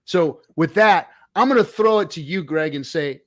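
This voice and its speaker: A man hosting a casual online chat with a slightly raised pitch. His manner is folksy and easygoing. He rambles and loses his thread with "you know" fillers. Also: moderate pace, few pauses. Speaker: host.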